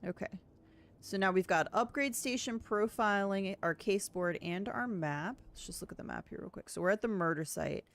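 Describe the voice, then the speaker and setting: A woman with a mid-range voice streams a game playthrough at normal speed, chatting casually. She thinks aloud and reads on-screen text as part of her let's-play commentary.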